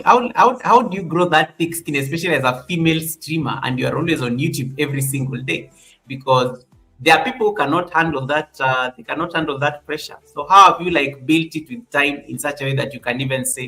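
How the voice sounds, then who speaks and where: A man hosting a podcast interview, asking long, halting questions that restart over and over. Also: mid-range voice, pushed and bright, rough recording. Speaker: podcast host.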